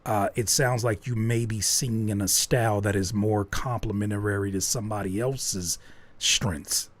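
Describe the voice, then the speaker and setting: A man's voice: fairly low pitch, steady tone, moderate pace. A man hosting a live stream, reviewing listeners' songs with candid, joking critique and thinking aloud as he goes. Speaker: host reviewing listener music. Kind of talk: live music feedback stream.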